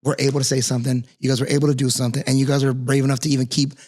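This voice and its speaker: A man's voice: mid-range voice, flat delivery, rapid-fire, darkish tone. A man hosting a casual interview podcast, talking earnestly and rambling with many restarts and fillers. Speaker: podcast host and martial arts instructor.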